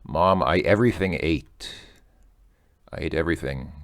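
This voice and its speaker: A man's voice: rumbling low, moderate pace, dry recording, studio quality. A man casually explaining a language lesson, chatty and joking, thinking aloud as he goes. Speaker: language teacher.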